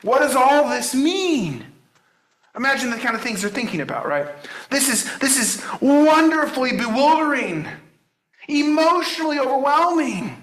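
High-voiced bright male preacher, echoey room. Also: vocal fry. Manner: conversational, with many restarts and rhetorical questions. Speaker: pastor. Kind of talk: sermon.

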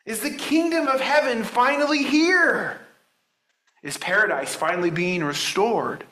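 A man's voice: sits high, unhurried, pushed and bright, reverberant, rough recording. A man preaching a sermon in a conversational way, asking his listeners many rhetorical questions. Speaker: pastor.

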